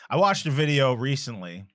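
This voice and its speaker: A man's voice: medium pitch, very animated, a little slow, no echo. A man co-hosting a retro video game playthrough, chatting casually with crude jokes and frequent laughter. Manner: joking, crude, laughs often. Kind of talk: casual gaming chat.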